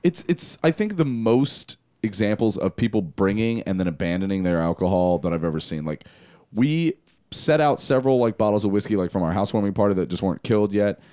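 A man's voice: fairly low pitch, expressive, fairly quick, warm tone, no room sound, studio quality. A man co-hosting a podcast in casual chat, telling rambling stories and laughing often. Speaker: podcast co-host.

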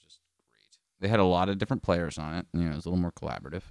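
A man's voice: low voice, racing, gravelly, clean tone, no room sound, clean studio sound. A man co-hosting a podcast, joking in casual banter and swearing a lot. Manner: profane, joking, animated. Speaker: podcast co-host.

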